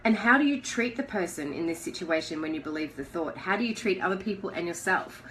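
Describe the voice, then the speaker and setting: A woman's voice: lowish voice, expressive, brisk, fairly bright tone, slight background noise, rough recording. Chatty woman coaching live. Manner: chatty, conversational, asks the listener questions. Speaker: life coach. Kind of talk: casual live coaching talk.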